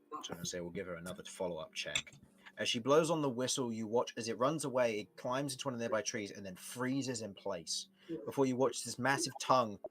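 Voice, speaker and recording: A young man narrating as game master, relaxed and often laughing, with frequent restarts. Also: fairly low pitch.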